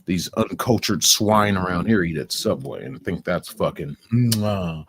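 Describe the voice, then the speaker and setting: A man hosting a stream, reacting to a video with profane, animated rants. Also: low-pitched, a little slow, slightly rough. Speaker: stream host. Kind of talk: casual reaction commentary.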